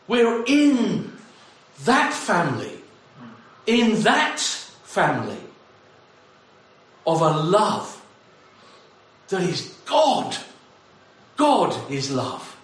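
A man's voice: sits high, sing-song, slow, pauses often, fairly bright tone. A man preaching a sermon to his congregation, exclamatory and addressing them directly. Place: church hall. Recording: echoey hall from far off.

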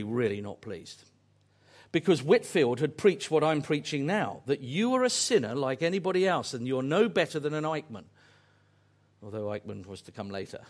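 Earnest preacher, lively pitch. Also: male voice. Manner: earnest, rhetorical questions, repeats phrases. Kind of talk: sermon.

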